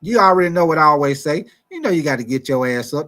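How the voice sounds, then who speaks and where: Energetic man hosting sports talk. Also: fairly high pitch, quick pace. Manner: energetic, repetitive, calls out to viewers with 'y'all' and 'man'. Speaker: sports show host. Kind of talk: casual sports talk, addressing viewers and chat.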